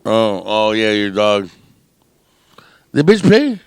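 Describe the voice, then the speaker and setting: A man's voice: fairly low pitch, big pitch swings, slow pace, smooth, dry recording. A man co-hosting a podcast, talking in casual, crude, joking banter. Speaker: podcast co-host. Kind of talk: casual chat.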